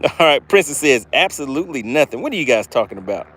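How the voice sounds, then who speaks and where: Male live-stream fishing host, hyped and chatty with viewers, very expressive intonation. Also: medium pitch, quick pace, slightly rough. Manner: excited, talks directly to chat viewers.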